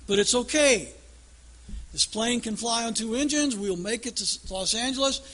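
A man playing an airline captain who calmly reassures his passengers over and over. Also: very high voice, normal speed, a little hiss or hum, voice pushed up. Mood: reassuring. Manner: repeated soothing announcements.

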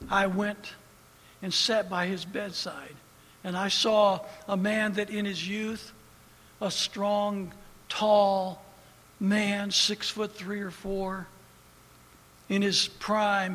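A man preaching with a high, bright voice that rings with a long hall reverb. He swings between hushed, quiet storytelling and loud, impassioned preaching. It sounds like a fervent pulpit sermon. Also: flat delivery, slow pace, pauses often, a little hiss or hum.

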